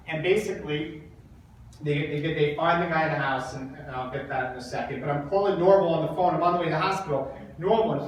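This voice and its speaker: A man speaking to an audience and telling an emotional personal story, halting and repeating words while holding back tears. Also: fairly high pitch, a little hiss or hum. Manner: halting, repeats words, acts out quoted dialogue. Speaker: speaker at a coaching event. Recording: very echoey hall, mic far off.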